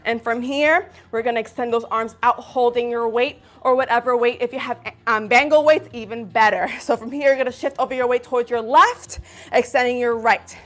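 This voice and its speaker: A woman's voice: fairly high pitch, a little fast. Breathless upbeat woman coaching a workout. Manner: upbeat, encouraging, counts reps and whoops. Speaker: fitness instructor. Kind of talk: live workout instruction.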